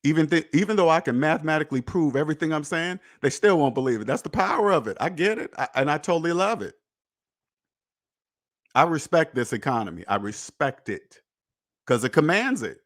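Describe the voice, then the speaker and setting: Preachy, emphatic man, fairly high voice. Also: animated, a little fast. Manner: emphatic, preachy, repetitive, with profanity; swings between loud jabs and low muttered asides. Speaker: podcast host. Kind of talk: personal finance monologue.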